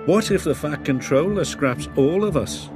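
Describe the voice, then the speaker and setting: A man's voice: on the high side, expressive, normal speed, over music, voice pushed up, lightly acted. Thomas the Tank Engine, as a man puts him on. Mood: worried. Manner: eager, indignant. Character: cheerful proud young male tank engine.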